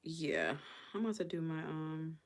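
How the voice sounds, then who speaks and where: A woman's voice: sits low, sing-song, a little slow. A middle-aged woman chatting casually on a live stream, musing aloud and drifting from topic to topic. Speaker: vlogger.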